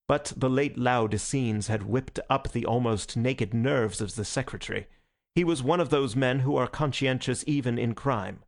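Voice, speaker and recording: In a measured, even reading voice, a man narrates an audiobook from a script. His pitch is mid-range.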